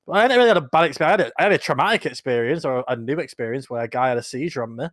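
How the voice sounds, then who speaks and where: A young man co-hosting a podcast, telling sweary anecdotes in a casual, animated way. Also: medium pitch, very fast, no echo, clean studio sound. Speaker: podcast co-host. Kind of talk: casual storytelling chat.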